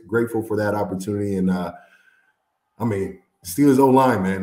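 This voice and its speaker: A man from Indiana, a former football player, telling stories as an interview guest with animated, laughing delivery. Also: lowish voice, reverberant. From Indiana, USA. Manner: animated storyteller, laughs often, acts out quotes. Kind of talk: casual interview storytelling.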